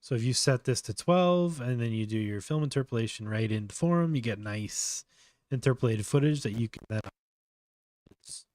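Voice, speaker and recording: A host runs a casual live tutorial, muttering to himself as he works, trailing off, and chatting through explanations with fillers. His voice is mid-range with a darkish tone.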